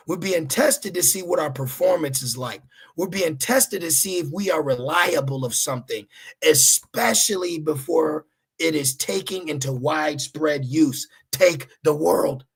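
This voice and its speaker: Gravelly high-voiced man preaching streetwise. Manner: casual, profane, emphatic with repeated "okay?"; acts out voices in high pitched asides. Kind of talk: streetwise sermon.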